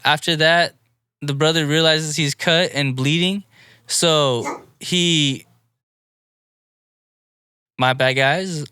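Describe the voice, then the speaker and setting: A man co-hosting a casual podcast, recapping anime episodes in a rambling, animated play-by-play. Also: on the high side, slow, pauses often, smooth. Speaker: podcast co-host.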